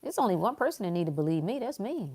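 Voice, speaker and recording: A woman's voice: mid-range voice, big pitch swings, quick pace, a little mellow, husky. A woman hosting a casual motivational livestream, talking emphatically to her viewers and repeating phrases to drive her points home. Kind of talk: casual motivational talk to a live audience.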